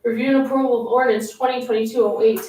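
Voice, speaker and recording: A woman's voice: on the high side, fairly even intonation, very fast, dark tone, slight background noise. A woman supervisor chairing a township board meeting, reading out figures and motions in a businesslike way. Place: indoor township meeting room. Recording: echoey meeting room, mic far off.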